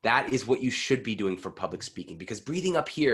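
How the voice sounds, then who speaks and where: A man coaching a vocal warm-up over a video call, with energetic demonstrations that sometimes get loud. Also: medium pitch, a little fast, hardly any pauses. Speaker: pitch coach. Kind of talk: online voice workshop.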